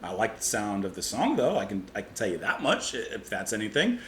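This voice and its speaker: Animated man reviewing music in echoey room. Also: fairly low pitch, fairly quick. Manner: chatty, vivid food comparisons, musing aloud. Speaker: music reaction host. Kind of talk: casual music review monologue. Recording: roomy echo, faint background hiss.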